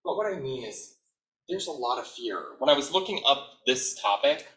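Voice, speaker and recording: Lively bright-voiced male presenter, echoey room. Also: mid-range voice, normal speed. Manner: conversational, animated, lots of "like". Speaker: educator presenter. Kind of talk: conference presentation. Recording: echoey room, mic at a distance.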